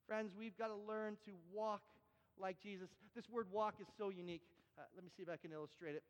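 A man's voice: high voice, fairly even intonation, fairly quick, big-room sound. A Canadian man preaching a sermon, often repeating and restarting phrases and building to emphatic refrains. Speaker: pastor.

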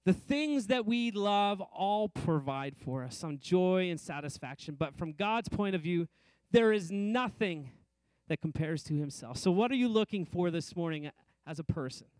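A middle-aged man preaching a sermon to a congregation, speaking in repeated rhythmic phrases and rising and slowing down on key lines. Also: sits high, lively intonation, darkish tone, no echo. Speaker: pastor.

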